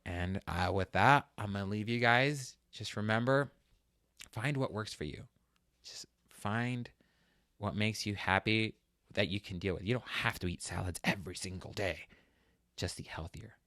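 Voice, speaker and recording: Casting: male host, low voice, candid emotional monologue, dry close sound. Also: measured pace, fairly bright tone, no echo. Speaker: podcast host. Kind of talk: personal monologue.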